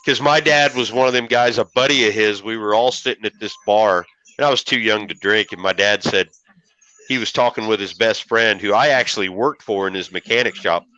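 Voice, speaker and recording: A man's voice: fairly low pitch, brisk, sharp tone, lo-fi sound. A middle-aged man from Illinois, hosting and telling rambling, folksy stories with casual swearing. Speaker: show host. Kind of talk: casual storytelling.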